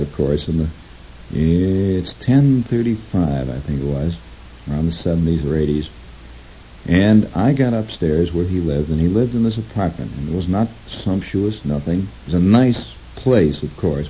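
Male radio talker, deep mellow voice, meandering monologue, dull lo-fi sound with light hiss. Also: expressive. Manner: digressive, halting, with restarts and acted-out quotes. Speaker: radio broadcaster. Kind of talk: rambling storytelling monologue. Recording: lo-fi recording with faint hiss.

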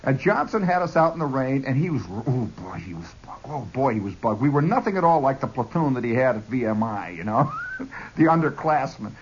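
A man telling a comic army story in an animated monologue, chuckling and jumping into voices, on a dull lo-fi recording. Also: mid-range voice, a little fast, slight background noise.

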